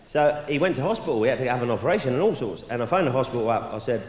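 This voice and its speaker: A man's voice: medium pitch, expressive, rapid-fire, background noise. A man doing a bawdy live stand-up routine, bantering cheekily with the audience from a club stage. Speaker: stand-up comedian. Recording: echoey club recording with crowd. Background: audience laughter.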